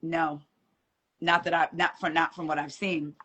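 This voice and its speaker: Woman, low-ish voice, chatty live-stream guest, lively storyteller who mimics quoted voices. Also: measured pace, slightly rough. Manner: animated retelling, acting out quoted voices. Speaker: guest courtroom reporter.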